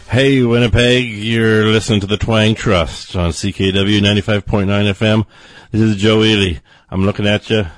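A man's voice: lowish voice, no echo. A man hosting a radio music show in a laid-back, self-deprecating, joking manner from a studio.

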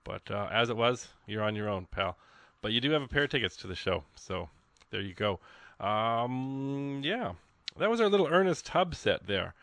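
A man's voice: medium pitch, big pitch swings, moderate pace, fairly bright tone, no echo. A man hosting a radio show, chatting casually in a rambling, folksy way with plenty of ums and uhs. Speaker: radio host. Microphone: studio microphone.

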